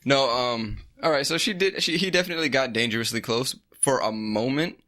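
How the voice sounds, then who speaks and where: A man's voice: mid-range voice, brisk, pushed and bright. A man co-hosting a podcast, talking in blunt, profane, slangy casual chat. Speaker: podcast co-host.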